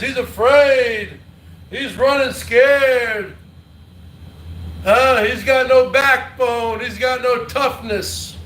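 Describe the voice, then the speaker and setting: High, brash New Jersey man ranting. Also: slight background noise. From North Jersey. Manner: loud, combative, profane, repetitive taunting; frequent high whooping shouts. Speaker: livestream host. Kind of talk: rowdy livestream rant to chat.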